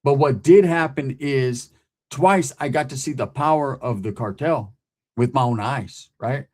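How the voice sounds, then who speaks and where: A man tells a story from his past in loose street slang, his voice sitting at an ordinary middle pitch. He talks like a host chatting to his audience and keeps checking in with a quick "right?". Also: darkish tone. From California. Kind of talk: casual storytelling.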